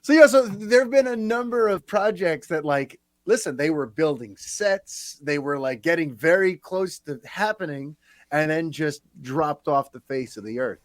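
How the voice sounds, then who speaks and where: A man hosting a casual podcast chat, talking in a chatty, animated way with quick asides. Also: on the high side, no echo. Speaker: podcast host.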